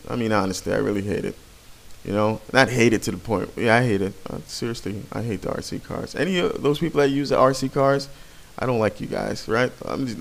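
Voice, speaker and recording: This man's voice sits fairly low and has a creaky quality. He narrates his own gameplay footage as a commentator, rambling casually, swearing freely and often starting over mid-thought.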